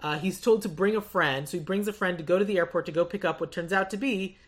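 A woman hosting a podcast, retelling a movie's plot in a casual, chatty way with quick asides and laughs. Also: fairly low pitch. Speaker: podcast host. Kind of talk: casual movie recap chat.

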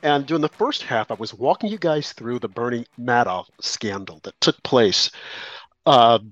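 A man's voice: mid-range voice, moderate pace, soft background music. A man co-hosting a talk radio show, giving opinionated political commentary in a rambling way with restarts. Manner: rambling, restarts, animated rants.

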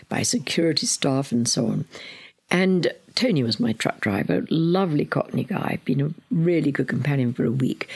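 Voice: mid-range voice, vocal fry, breathy edge. An older speaker from Britain, a podcast guest telling earnest, vivid stories and sometimes dropping to a whisper. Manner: earnest, vivid storyteller, drops to a whisper at times. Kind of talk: storytelling in a podcast interview.

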